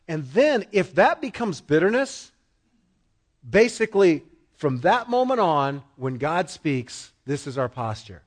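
Middle-aged male pastor, emphatic sermon delivery, repeats lines for weight, slightly high voice. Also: very animated, unhurried. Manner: emphatic, acts out quoted voices, repeats phrases.

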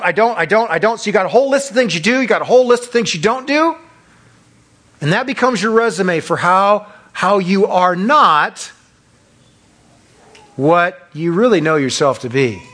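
A man preaching a sermon as pastor, acting out quick voices of the accuser and of self-righteous churchgoers. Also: sits high. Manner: acts out voices of Satan and churchgoers, animated.

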